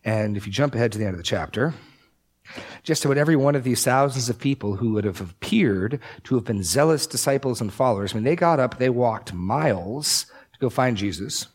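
A man teaching through a Bible passage in a casual discussion, with animated, sarcastic asides. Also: medium pitch, fairly quick.

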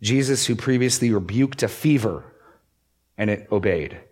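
A man's voice: lowish voice, moderate pace, a little mellow, breathy edge. A man preaching a sermon, expository and emphatic, pushing up and dropping down to stress key words. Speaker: pastor.

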